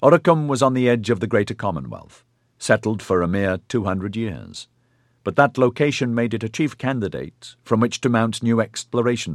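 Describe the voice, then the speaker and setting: A man reading a science-fiction audiobook as narrator in a steady, even storytelling delivery. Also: lowish voice, no echo, clean studio sound. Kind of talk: scripted narration.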